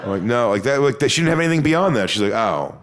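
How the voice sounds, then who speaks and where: A man's voice: medium pitch, expressive, very fast. Crude storytelling man doing stand-up. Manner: storytelling with crude punchlines and shouted bits. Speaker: stand-up comedian. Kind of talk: stand-up comedy routine.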